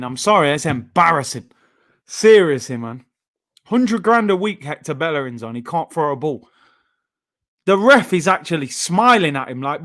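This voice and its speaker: A man, hosting a live football watchalong with frustrated, animated outbursts at the play. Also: fairly high pitch, moderate pace. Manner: frustrated, animated fan reactions, loud outbursts. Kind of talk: live match watchalong reaction.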